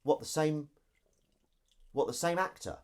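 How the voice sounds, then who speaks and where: A man's voice: a little high, unhurried, clean tone. A man hosting a casual live stream from his kitchen while washing up, chatty and self-deprecating as he reads out viewer comments. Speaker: livestream host.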